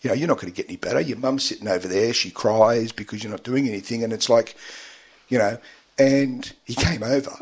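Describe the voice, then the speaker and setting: A man, a guest in a radio studio interview, telling his story haltingly with many fillers and getting emotional at times. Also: medium pitch, slightly rough.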